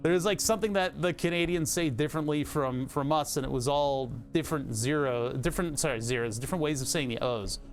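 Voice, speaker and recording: A man's voice: fairly high pitch, brisk, few pauses, faint music behind. A man with a Philadelphia accent, streaming live and chatting casually, rambling, laughing often and swearing now and then.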